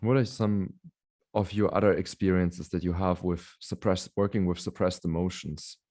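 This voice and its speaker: Deep, mellow-voiced calm man. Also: normal speed. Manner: calm, meandering, soft affirmations. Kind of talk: casual conversation.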